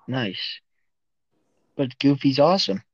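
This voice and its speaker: A man's voice: mid-range voice, expressive, slow pace, slightly rough. A man co-hosting a casual podcast, joking around with random bits and silly asides. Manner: jokey, random bits, sings silly tunes. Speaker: podcast co-host. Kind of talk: goofy casual chat. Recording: dull, dry lo-fi sound.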